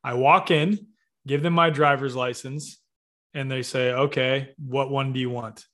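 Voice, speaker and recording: A man's voice: medium pitch, fairly even intonation, a little slow, a bit bright. A man in a casual conversation who mostly gives brief agreeing replies and tells plain stories.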